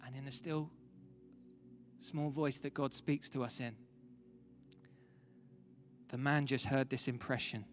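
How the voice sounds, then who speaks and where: A pastor, preaching a sermon in a dramatic storytelling way, swinging from loud to hushed. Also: male voice, mid-range voice, steady tone, slow, pauses often. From London, England. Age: 30s. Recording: reverberant hall, faint music.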